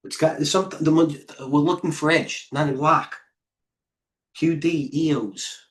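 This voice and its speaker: A middle-aged man hosting a live trading stream, firing off quick stock calls and muttering to himself as he trades. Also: on the high side, fairly even intonation. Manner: rapid-fire ticker calls, talks to himself. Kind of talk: live market commentary while trading.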